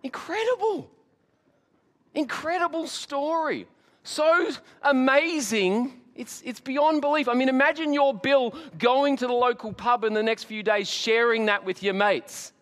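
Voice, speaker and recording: Lively Australian pastor in a reverberant church. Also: male voice, very high voice, measured pace. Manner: animated storyteller, jokey asides. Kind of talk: Easter sermon. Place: church hall. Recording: long hall reverb.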